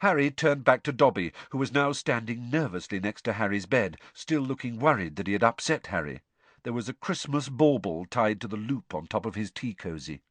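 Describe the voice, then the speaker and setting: This is scripted audiobook narration by a man of medium pitch who tells the story expressively at a moderate pace, with no echo in the recording.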